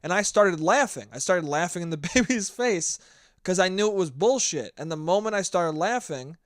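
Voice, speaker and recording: A man's voice: high-pitched, expressive, normal speed, no echo, studio quality. A young man hosting a solo podcast, telling stories in a blunt, profane rant. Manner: blunt, profane, ranting storyteller. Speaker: podcast host.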